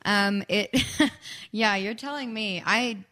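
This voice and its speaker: A woman's voice: medium pitch, slow pace, pushed and bright. A young woman from Texas chatting casually as an interview guest, with lots of "like" and "um". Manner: chatty, frequent "like" and "um". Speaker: guest songwriter.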